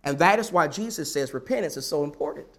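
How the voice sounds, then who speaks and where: A man's voice: a little high, expressive, fast, fairly bright tone. A man preaching a sermon, emphatic and repetitive, building his points with rhetorical questions.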